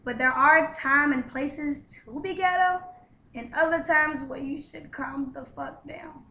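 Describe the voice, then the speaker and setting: A woman's voice: high voice, unhurried, bright, forceful tone. A young woman co-hosting a casual comedic vlog, talking bluntly with lots of profanity. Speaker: co-host. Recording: echoey room.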